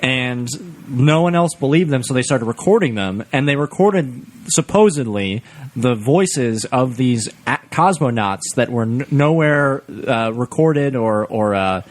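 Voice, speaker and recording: A man hosting a casual comedy podcast, animated and laughing often as he explains things at length. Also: medium pitch, a little slow. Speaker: podcast host.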